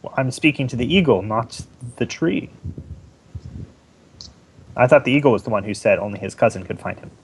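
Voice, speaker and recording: Man, game player, casual, reasoning aloud, mid pitch. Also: animated, fairly quick, pauses often, slight background noise. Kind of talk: casual chat at a game table.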